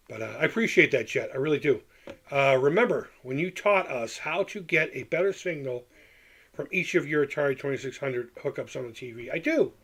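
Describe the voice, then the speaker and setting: A middle-aged man talks casually on a livestream, answering chat in a loose, rambling way. His voice sits a little high for a man, and he often doubles back on his own phrases and restarts his sentences. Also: husky. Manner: rambling, candid, repeats himself, frequent restarts. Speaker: livestream host reading chat.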